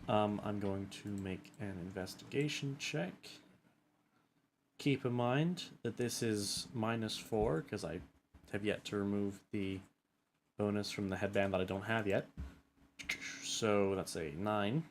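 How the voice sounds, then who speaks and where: A man playing a tabletop game who talks in halting starts, with many ums and restarts. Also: fairly low pitch, slight background noise. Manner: hesitant, full of restarts and ums.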